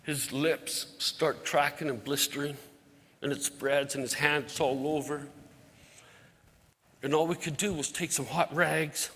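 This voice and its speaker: A middle-aged man speaks from a church stage, his voice set a little high and slightly husky. He tells his story in a folksy, plain-spoken way and slips into the voices of the people in it. A long hall reverb trails after each phrase. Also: fairly even intonation, a little slow, a bit bright. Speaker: outreach ministry leader, guest speaker. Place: church sanctuary.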